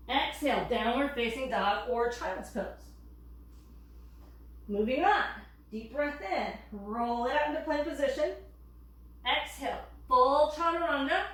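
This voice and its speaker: A woman instructor calmly cueing breaths and yoga poses while demonstrating, a little out of breath. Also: high-pitched. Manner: calm cueing of breath and poses, occasional laughs. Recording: very echoey room, distant mic.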